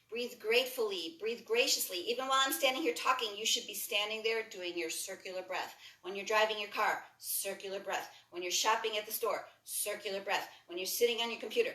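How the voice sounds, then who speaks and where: A woman instructor leading a breathwork and movement class, giving calm, encouraging cues while she moves along. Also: a little high. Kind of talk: guided exercise instruction. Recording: echoey room, voice from far off the mic.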